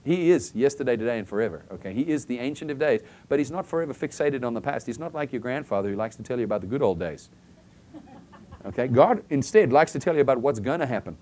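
This man preaches a conversational sermon in a mid-range, slightly mellow voice, talking fast and with animation. He's chatty, keeps checking in with "okay?", and acts out short everyday scenes to make his point.

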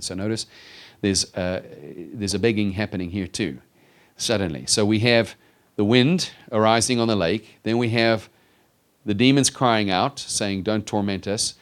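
A man's voice: on the low side, normal speed. A man preaching an expository sermon in an emphatic, teacherly way, often stammering and restarting his phrases. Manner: emphatic, teacherly, rises in volume on readings. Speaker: pastor teaching the Bible.

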